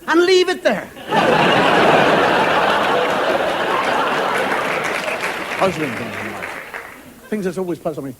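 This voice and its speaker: A middle-aged Irish man doing a wry, rambling stand-up monologue on a TV studio stage, mimicking voices and now and then shouting. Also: high-pitched. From Ireland. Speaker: stand-up comedian. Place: television studio with audience. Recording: broadcast studio with audience laughter and noise. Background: studio audience laughter.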